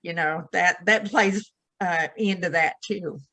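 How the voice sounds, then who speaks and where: Woman guest, very slow, bright tone, thoughtful and affirming. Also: lowish voice, no echo, poor audio. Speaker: podcast guest. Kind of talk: casual chat.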